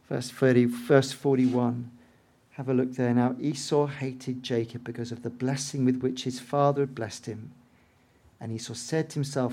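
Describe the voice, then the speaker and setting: A man preaching a sermon, telling the story dramatically and swinging between hushed asides and loud, emphatic lines. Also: medium pitch, level tone, normal speed.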